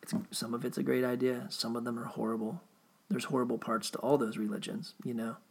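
A man's voice: medium pitch, fairly even intonation, brisk, creaky, breathy edge. A man talking in a rambling, casual monologue, swearing freely and often restarting his sentences. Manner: rambling and profane, with frequent restarts.

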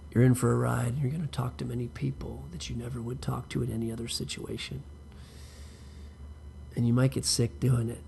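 A man with a gravelly, fry-edged voice at an ordinary middle pitch spins a loose, profane personal story. He talks straight to the listener and wanders into asides, and a faint hum of ambient noise sits behind him. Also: darkish tone. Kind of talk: casual personal storytelling monologue.

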